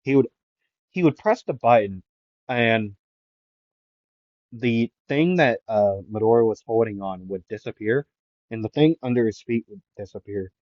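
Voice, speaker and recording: A man's voice: mid-range voice, a little slow, pauses often, darkish tone, dry recording. A man improvising a fan what-if story, rambling with many fillers and restarts, in a dull, lo-fi recording. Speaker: anime channel host.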